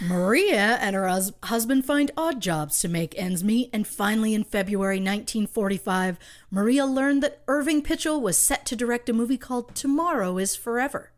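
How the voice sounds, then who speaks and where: A woman's voice: a little high, expressive, moderate pace. A woman co-hosting a podcast, telling a true crime story from her research with wry asides and light laughs. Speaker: podcast co-host.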